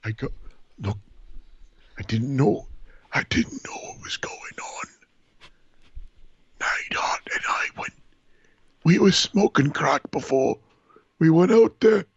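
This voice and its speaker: A man playing a strung-out, paranoid male wrestler on a drug binge, speaking in a raspy, gravelly whisper with halting bursts and hushed pleading. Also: fairly high pitch, very animated, no echo, muffled recording, heavily acted. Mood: manic confessional. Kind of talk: comedic impression on a podcast.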